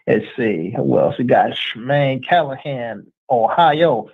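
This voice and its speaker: A man hosting a livestream in a casual chat, reading out viewer shout-outs in relaxed street slang. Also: mid-range voice, slow pace. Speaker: livestream host. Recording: tinny phone-like sound.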